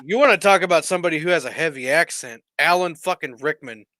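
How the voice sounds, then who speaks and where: Bright, teasing man. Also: fairly high pitch, no echo. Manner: teasing, quick quips. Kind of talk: casual chat.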